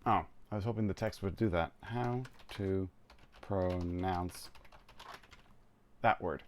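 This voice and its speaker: Chatty, laughing streamer from Canada. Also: male voice, low voice, takes it slowly, a little hiss or hum. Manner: chatty, laughing, self-deprecating. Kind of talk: casual gameplay chat.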